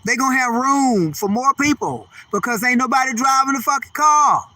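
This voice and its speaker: A man's voice: very high voice, moderate pace, no room sound. An older man, a comedian, ranting in a profane, rambling monologue. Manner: animated, profane, rambling rant. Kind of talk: stand-up style ranting monologue.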